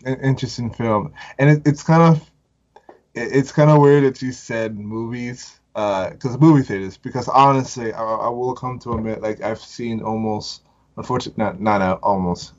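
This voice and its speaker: A man's voice: mid-range voice, normal speed, highs cut off. A man speaking as a podcast guest, casual and hesitant, stumbling through fillers and restarts.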